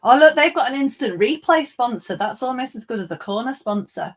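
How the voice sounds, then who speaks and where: A woman's voice: a little high, lively intonation, brisk. A woman co-hosting a casual football watchalong chat, chatty and self-deprecating. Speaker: podcast co-host.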